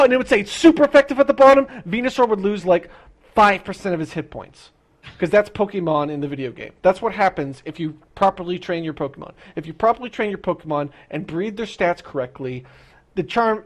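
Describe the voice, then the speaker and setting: A young adult livestreamer ranting to chat in a rambling, profane way, stumbling over restarts and repeating words, and slipping into quick impressions of characters. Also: mid-range voice. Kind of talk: rambling casual rant.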